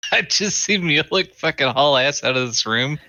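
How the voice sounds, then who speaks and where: A man playing a tabletop game, blunt and excitable, swearing freely, on a muffled distant mic. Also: fairly high pitch, measured pace, no echo. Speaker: player. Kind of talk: casual tabletop play.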